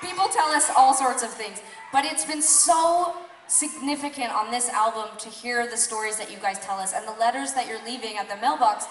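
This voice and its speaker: A woman's voice: a little high, normal speed, roomy sound. A young adult woman musician giving emotional, rambling banter from a concert stage. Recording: live concert mic, far, loud crowd and noise.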